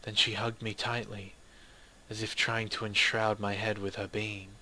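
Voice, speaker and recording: A man reading a dramatic first-person story in a steady, measured way. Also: on the low side. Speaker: narrator.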